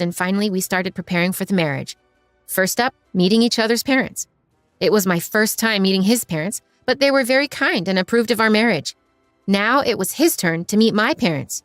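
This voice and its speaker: A woman giving an even, storytelling narration of a first-person story. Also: medium pitch, no room sound. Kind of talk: scripted narration. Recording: dry voice over faint music.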